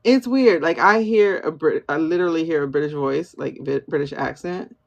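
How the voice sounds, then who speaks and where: A gravelly, low-pitched woman speaks at normal speed through dull audio on a phone livestream. She hosts a tarot reading, working as a tarot and pendulum reader who muses aloud, talks to viewers by name, and asks and answers her own questions.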